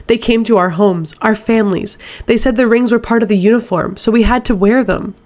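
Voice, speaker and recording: A woman reading an audiobook, voicing a broken, possessed man who pleads in a soft, empty voice and gasps his words. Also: fairly high pitch, brisk, voice pushed up, natural voice. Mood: desperate. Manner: pleading, gasping.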